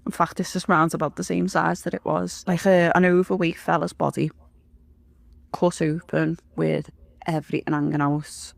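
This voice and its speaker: A woman tells her story bluntly, swearing freely and rambling along. Her voice has a gravelly edge, and the recording is dry and close. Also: low-pitched, flat delivery, moderate pace, dry recording. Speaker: interview guest. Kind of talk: dramatic personal storytelling.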